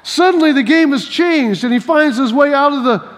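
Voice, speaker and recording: A male preacher fills his sermon with lively personal stories, acting out scenes and repeating key phrases for emphasis. His voice is very high for a man, he speaks at a moderate pace, and long hall reverb trails each line.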